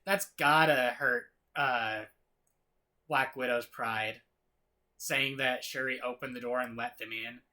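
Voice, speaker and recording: A man's voice: medium pitch, steady tone, slow pace, bright, forceful tone. A man hosting a casual comedic read-along of fan fiction, reading the narration evenly. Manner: reads narration evenly, laughs with friends.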